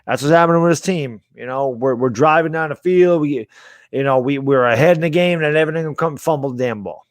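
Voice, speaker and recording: A man's voice: on the high side, fast, no echo, clean studio sound. A man co-hosting a casual sports podcast, talking in an exasperated, rambling way. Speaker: podcast co-host.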